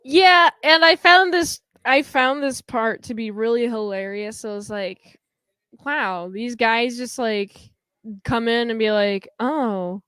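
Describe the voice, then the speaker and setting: A woman co-hosting a podcast, chatting casually about a movie and acting out scenes in quick quoted voices. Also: on the high side, a bit bright, smooth, no room sound, studio quality. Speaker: podcast co-host.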